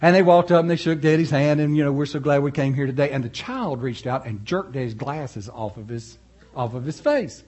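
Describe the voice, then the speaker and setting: A male pastor, preaching in a folksy, animated way with storytelling asides. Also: fairly high pitch, normal speed, muffled recording. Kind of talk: sermon.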